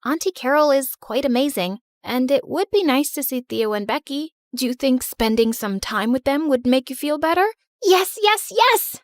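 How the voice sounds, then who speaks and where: A woman's voice: high-pitched, moderate pace, few pauses, no echo, studio quality, lightly acted. A woman voicing a vain, dramatic middle-aged mother who is a failed actress, with a theatrical, self-absorbed way of talking. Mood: apologetic.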